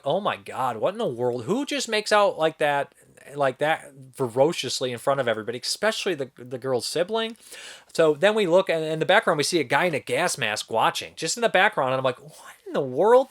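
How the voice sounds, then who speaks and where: A man's voice: medium pitch, a bit bright. A young man giving a casual spoken film review, rambling and incredulous, swearing now and then. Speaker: movie reviewer.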